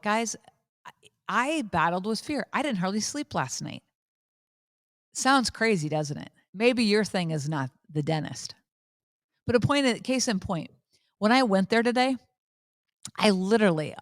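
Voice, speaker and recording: A woman in her fifties hosting a faith podcast, telling a candid personal story with lively repetition. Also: mid-range voice, dry recording, clean studio sound. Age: 50s. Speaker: podcast host. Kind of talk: casual faith talk.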